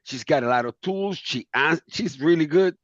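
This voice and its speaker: A man's voice: a little high, animated, normal speed, a bit bright, no room sound, lo-fi sound. A man whose first language is Spanish, calling into a business Q&A and telling earnestly how he got started. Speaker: caller asking a question. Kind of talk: casual account. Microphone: video call.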